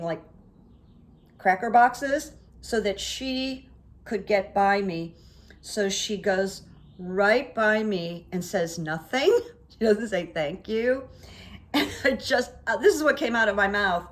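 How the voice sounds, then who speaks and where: A woman hosting her own vlog, telling everyday anecdotes in a chatty, casual way and acting out what people said. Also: mid-range voice. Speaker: vlog host. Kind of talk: casual storytelling monologue.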